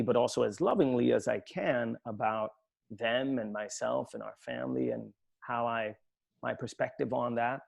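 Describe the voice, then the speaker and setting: A man with a gravelly, fry-edged voice at an ordinary middle pitch, recounting a family episode. He is an author from Sweden, speaking reflectively and haltingly, circling back and restarting his sentences as he goes. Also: a little mellow. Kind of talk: anecdotal storytelling at an online book talk.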